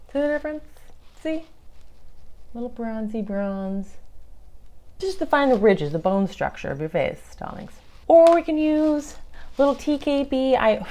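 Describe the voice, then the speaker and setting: A woman's voice: medium pitch, dark tone. A woman chatting through her makeup routine in a casual tutorial, playful and affectionate, calling viewers darlings. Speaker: makeup vlogger.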